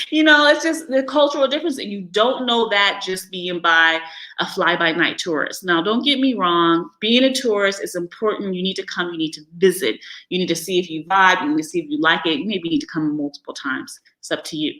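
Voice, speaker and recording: This is an American woman with an African American English accent, talking off the cuff in a live vlog. Her voice is bright and forward, with a candid, unfiltered manner. She laughs readily and throws in animated little impressions of other people. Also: fairly low pitch, fairly quick, poor audio. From United States. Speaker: vlogger living abroad. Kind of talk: casual live-stream monologue.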